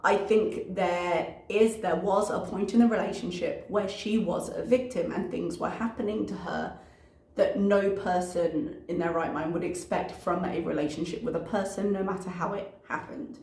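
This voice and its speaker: Woman, lower pitch, casual analytical commentary, thinks aloud with ums, echoey room. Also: steady tone, moderate pace, darkish tone. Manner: analytical, talks through notes with frequent ums. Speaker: reaction commentator.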